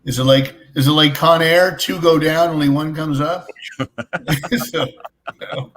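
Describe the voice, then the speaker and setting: A man's voice: a little high, steady tone, unhurried, fairly bright tone. A man chatting casually as a guest on a live fan show, tossing out jokey picks with offhand reasons. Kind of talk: casual chat.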